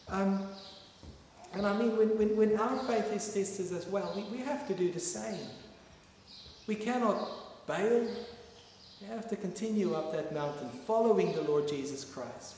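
Man preaching in an echoey hall. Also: a little high. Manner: emphatic, repeats phrases, many restarts. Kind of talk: sermon. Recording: echoey hall with faint noise.

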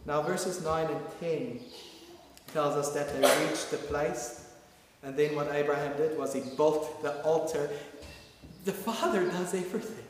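A man's voice: a little high, fairly even intonation, measured pace. A man preaching a sermon with emphatic repetition and frequent restarts. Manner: emphatic, repeats phrases, many restarts. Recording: echoey hall with faint noise.

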